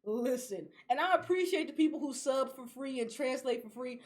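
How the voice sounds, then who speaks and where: Brief: young woman, high voice, animated profane rants, podcast co-host. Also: a little fast. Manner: animated, ranting, laughs often, profane. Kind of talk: casual podcast chat.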